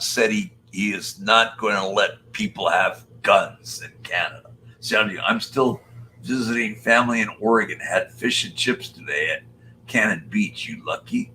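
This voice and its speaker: An older man hosts a casual live stream, joking and greeting viewers by name. His voice is bright and forward, and he takes his time. A faint noise sits under the recording. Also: on the low side, rough recording. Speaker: live-stream host reading chat.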